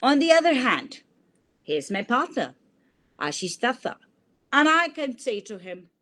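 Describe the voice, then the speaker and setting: A woman's voice: fairly high pitch, very animated, unhurried, a bit bright. A woman lecturing on communication at a university, explaining a model step by step and illustrating it with examples. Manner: explanatory, gives examples with repeated sample sentences.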